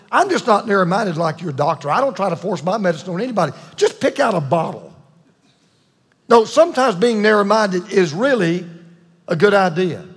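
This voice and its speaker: Pastor, middle-aged man, husky high voice, folksy sermon in a reverberant church hall. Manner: folksy, repeats for emphasis, acts out quoted voices. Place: church sanctuary.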